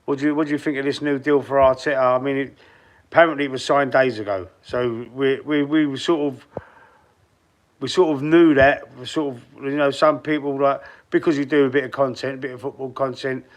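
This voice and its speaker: A man's voice: medium pitch, steady tone, a little fast. Chatty Cockney man on a live stream. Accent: East End London (Cockney). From London, East End. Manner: rambling, chatty, full of restarts and asides; speaks straight to chat viewers by name. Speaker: football fan live streamer. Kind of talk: casual live stream chat, reading out comments.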